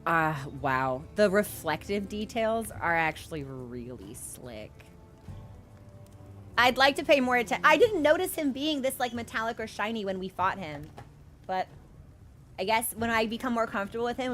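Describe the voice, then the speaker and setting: A woman's voice: a little high, sing-song, moderate pace, a bit bright, soft background music. A woman live-streaming a video game, chatty and rambling, laughing easily as she talks to her viewers. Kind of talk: casual live-stream chat while gaming. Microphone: headphones with a wired mic.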